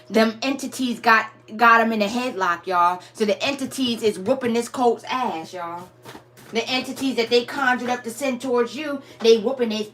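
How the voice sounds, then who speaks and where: A woman's voice: a little high, fairly bright tone. A woman giving a blunt, profane spiritual reading to her viewers, often breaking into laughter. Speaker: tarot reader.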